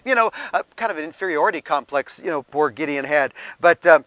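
High-voiced man preaching conversationally. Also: expressive, brisk, hardly any pauses, sharp tone, no echo, muffled recording. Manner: conversational preaching with asides and chuckles. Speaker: pastor. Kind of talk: sermon.

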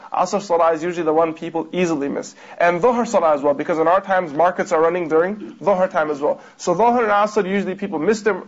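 A man teaching a religious class, explaining a read text and putting rhetorical questions to his listeners. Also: fairly high pitch. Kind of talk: lecture commenting on a read text. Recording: dull lo-fi recording.

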